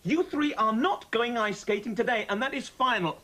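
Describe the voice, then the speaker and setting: A man's voice: very high voice, very animated, normal speed, few pauses, a bit bright. A man hosting a children's TV comedy, talking to puppets in a mock-stern, theatrical way. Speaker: children's TV host.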